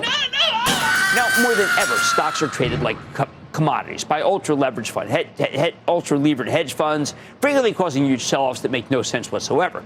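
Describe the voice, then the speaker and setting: An older American man hosting a TV investing show, emphatic and animated, repeating key words and now and then breaking into shouts. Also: medium pitch, slight background noise. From United States. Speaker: TV stock market show host. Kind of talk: energetic TV investing commentary.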